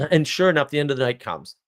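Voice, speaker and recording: A man talking live to his stream in a loose, unscripted monologue. He rambles from story to story and keeps checking in with a quick "right?" His voice sits at an ordinary middle pitch, and he laughs easily as he goes. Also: lively intonation, gravelly, a bit bright. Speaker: livestream host.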